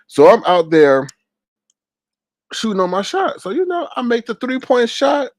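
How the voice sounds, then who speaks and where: Animated man telling gym stories. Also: a little slow, no room sound. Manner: animated, jumps into high exaggerated voices when quoting people; reads viewer comments aloud and teases them. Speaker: live-stream host. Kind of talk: casual storytelling chat.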